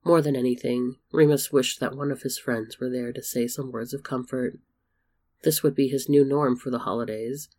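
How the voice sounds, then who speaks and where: A man narrating a story in a steady, measured reading voice. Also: mid-range voice. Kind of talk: storybook fan fiction reading.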